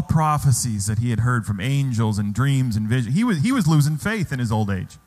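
A man's voice: mid-range voice, sing-song, fairly quick, hardly any pauses, darkish tone. A man preaching a sermon as pastor in a church, asking the congregation rhetorical questions. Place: church hall. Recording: long hall reverb.

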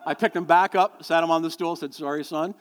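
A man's voice: on the high side, fast talker. A middle-aged male pastor preaching a sermon, telling stories and joking with the congregation. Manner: storytelling, animated, jokes with the congregation. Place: church sanctuary. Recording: long hall reverb.

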